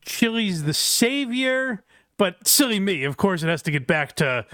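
A man's voice: sits high, big pitch swings, measured pace, fairly bright tone, dry recording, clean studio sound. Wry, giggly podcast co-host guy. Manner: wry, laughs often. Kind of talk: casual comedic commentary.

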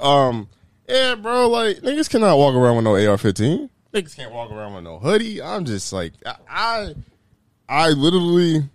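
A young man with a fairly low voice tells a story in casual chat with friends, animated and profane, laughing as he acts out the people involved. There's no room sound.

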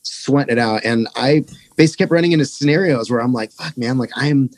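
A man's voice: mid-range voice, fast talker, darkish tone, dry recording. A young man casually telling a rambling, profane touring story as a podcast guest.

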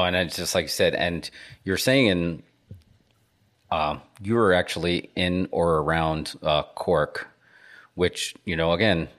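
A man's voice: low voice, a bit bright. A man hosting a podcast, asking curious, rambling questions with many fillers. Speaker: podcast host. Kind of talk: podcast conversation.

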